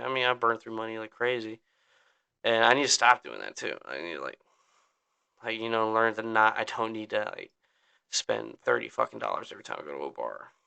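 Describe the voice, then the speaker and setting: Rambling through a downbeat rant on his podcast, a young host curses often and fills his speech with "like." His voice is fairly low, with vocal fry, bright, forceful, clear and resonant.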